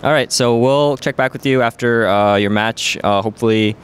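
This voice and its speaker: In a smooth, medium-pitched voice at a moderate pace, a man chats playfully with a player he's interviewing at a busy gaming event, filling his speech with "um" and "like."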